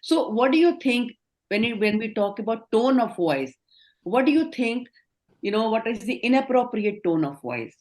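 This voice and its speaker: A woman's voice: fairly high pitch, sing-song, moderate pace, darkish tone. A middle-aged woman with an Indian accent, leading an online training session, explaining and affirming answers. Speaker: communication trainer.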